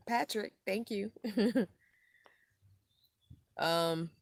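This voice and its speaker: A middle-aged woman's mid-range voice, very slow and slightly rough, is heard in a dry recording. She hosts a laid-back van-life live stream while tired from poor sleep, rambling and reading out comments from viewers.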